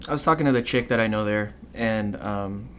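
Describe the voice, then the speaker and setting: A man co-hosting a podcast, telling long rambling stories in a dry, deadpan way. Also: lowish voice, fairly quick, a little hiss or hum. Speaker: podcast co-host. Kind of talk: casual chat.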